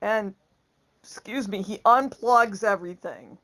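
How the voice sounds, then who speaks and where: A woman's voice: mid-range voice, a little slow, a bit bright. A woman vlogger telling a casual story, laughing often and acting out the lines she quotes.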